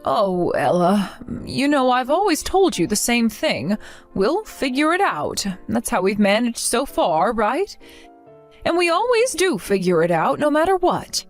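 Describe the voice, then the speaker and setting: A middle-aged woman playing a resilient mother who gently comforts her grown daughter. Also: fairly high pitch, big pitch swings, measured pace, soft background music. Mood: reassuring. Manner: gentle, reassuring.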